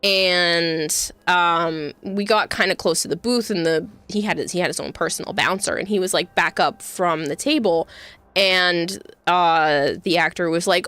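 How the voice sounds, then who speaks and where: A young woman hosting a livestream, telling stories in a casual, animated way with frequent laughs and quick asides. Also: fairly low pitch, no echo. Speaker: livestream host. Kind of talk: casual storytelling chat.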